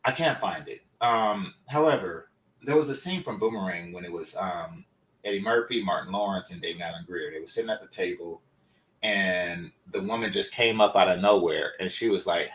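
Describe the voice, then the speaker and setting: A man's voice: low voice, animated, a little fast, fairly bright tone. A man hosting his channel, talking through a topic in loose, rambling casual commentary with many fillers, his voice a little congested from a developing cold. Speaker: channel host.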